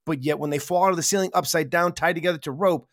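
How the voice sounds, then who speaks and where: A man in a casual film podcast chat, animated, laughing often and swearing casually. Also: on the high side, quick pace, no echo, clean studio sound.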